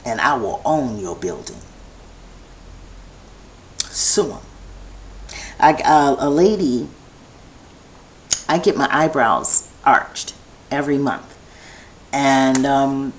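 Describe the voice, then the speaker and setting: Low-voiced, slow, rambling woman vlogger. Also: poor audio. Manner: meandering, restarts thoughts, chatty asides. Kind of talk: rambling personal monologue. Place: home video set.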